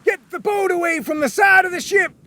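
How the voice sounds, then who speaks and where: A man's voice: high-pitched, lively intonation, measured pace, fairly bright tone, voice pushed up. A man voicing a stern male ship captain who barks commands, in a storybook reading. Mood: shouting orders. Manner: barking orders.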